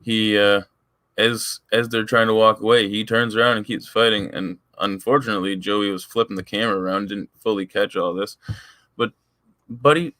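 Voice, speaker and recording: A man's voice: fairly low pitch, fairly even intonation, normal speed, sharp tone, dry recording. A man giving casual, exasperated commentary over video footage, blunt and swearing freely.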